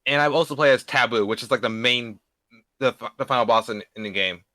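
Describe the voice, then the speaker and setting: A man's voice: mid-range voice, pushed and bright, dry recording. A young man in his late teens, a beginner voice actor, talking casually as an interview guest and often restarting his sentences. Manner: halting, repeats and restarts words.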